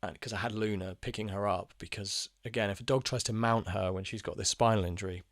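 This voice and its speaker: A man's voice: lowish voice, steady tone, fast, fairly bright tone, dry recording, clean studio sound. A young man telling a personal story in a casual monologue, rambling and frank, with lots of fillers, restarts and swearing. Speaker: channel host telling personal stories.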